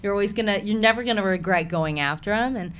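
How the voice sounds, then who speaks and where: A woman's voice: medium pitch, fast, fairly bright tone, a little hiss or hum. A woman with a Chicago accent, an actress talking candidly in a casual interview and laughing often. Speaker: actress, podcast guest.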